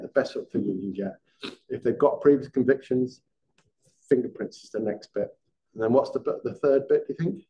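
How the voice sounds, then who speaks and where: A former police detective giving a conversational masterclass to a live audience, often quizzing them with questions. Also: male voice, medium pitch, darkish tone. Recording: dull lo-fi sound.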